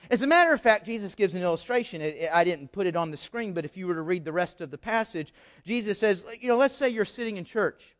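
A male pastor preaching a sermon with an animated manner, often repeating words and dropping joking asides. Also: sits high, fast, few pauses.

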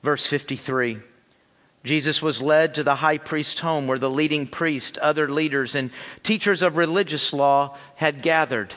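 A man's voice: fairly high pitch, fairly even intonation, measured pace, a bit bright, big-room sound. A man preaching a sermon and reading scripture in an earnest way, repeating his phrases, in a church sanctuary. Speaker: pastor.

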